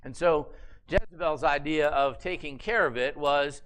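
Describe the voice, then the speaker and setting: A male pastor preaching a sermon, telling a story in an animated, conversational way with humorous asides. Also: on the high side, a little slow.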